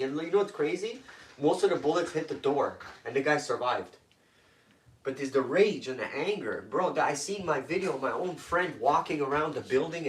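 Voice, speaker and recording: A man's voice: on the high side, far from the mic. A man from Toronto telling intense personal stories as a guest, in blunt, profane street talk. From Toronto, Canada. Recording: echoey room, voice off-mic.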